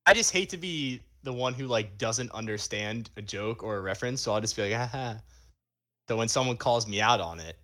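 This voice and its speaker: Bright, lower-voiced young man. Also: lively intonation, fairly quick. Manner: laid-back, laughs often. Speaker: podcast co-host. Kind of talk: casual chat.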